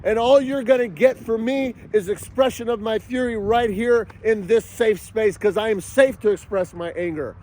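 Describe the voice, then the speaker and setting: A man ranting angrily to camera, yelling and cursing in a furious outburst. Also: sits high, moderate pace, few pauses. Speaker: father vlogging about a custody battle. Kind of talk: angry outdoor rant to camera.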